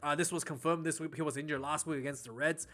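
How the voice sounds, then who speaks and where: A man's voice: a little high, steady tone, quick pace, sharp tone, faint music behind. A man hosting a casual rugby news vlog, rambling, with frequent restarts and repeated words.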